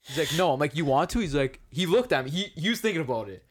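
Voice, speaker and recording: A man's voice: fairly high pitch, fast, husky. A man from Canada in casual chat, animatedly telling a story and acting out other people's lines. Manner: animated storyteller who acts out quotes.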